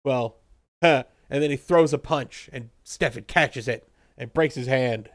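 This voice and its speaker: A young man recapping a TV episode in casual chat, animated and laughing often as he acts out characters in quick voices. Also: mid-range voice, dry recording, clean studio sound. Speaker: podcast co-host recapping a TV episode.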